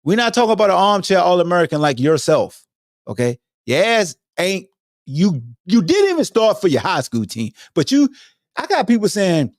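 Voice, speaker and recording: A man's voice: high voice, sing-song, moderate pace, darkish tone, no room sound, studio quality. A man hosting his own podcast in casual solo commentary, slangy and emphatic, often mocking his listeners. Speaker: podcast host.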